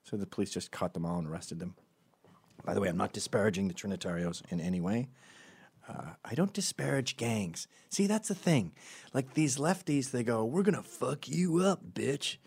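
A man's voice: fairly low pitch, lively intonation, fairly quick, a little mellow, slightly rough, no echo. A middle-aged man hosting a comedic opinion monologue, sardonic and profane, often mocking people in put-on voices. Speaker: commentary show host.

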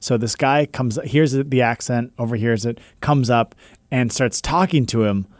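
A man co-hosting a podcast, reading listener messages and telling stories in relaxed casual chat. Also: mid-range voice, measured pace, no room sound, studio quality.

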